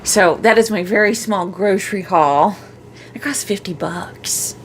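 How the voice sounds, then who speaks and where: A woman in her forties talks casually to camera as a vlogger, in a voice of middling pitch. She rambles and stops herself often, full of fillers. Clear background noise runs under the recording. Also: a little slow. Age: 40s.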